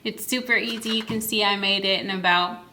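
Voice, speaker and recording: A young woman, a children's librarian, explains reading games to parents in a cheerful way, sounding out words slowly and clearly while she demonstrates at a table. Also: mid-range voice, steady tone, pushed and bright, slight background noise. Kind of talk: instructional video for parents. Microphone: camera mic.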